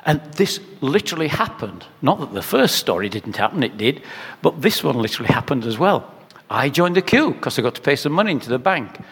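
A man's voice: medium pitch, very animated, brisk, fairly bright tone, husky. Older guy preaching, rhetorical repeats, sermon in a big reverby hall. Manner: conversational storytelling with rhetorical repetition. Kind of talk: sermon with anecdotes.

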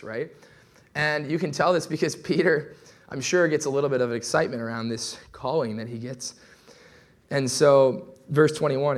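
A young adult man preaching a sermon in a relaxed, conversational way, full of asides and quick acted-out quotes. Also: mid-range voice. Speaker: pastor.

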